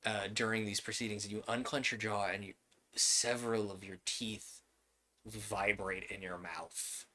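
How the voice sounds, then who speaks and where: A man leading a tabletop game as its game master, describing scenes at an unhurried pace. His voice is bright and forward, and his narration is loose, full of fillers and small chuckles. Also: fairly low pitch.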